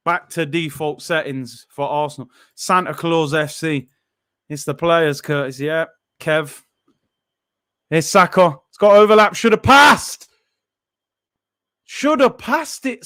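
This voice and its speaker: A young man reacting live to a football match, his voice sitting high for a man. He grumbles with frustration, then bursts into shouts at near misses. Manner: frustrated, animated fan with sudden shouts. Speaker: football watchalong host.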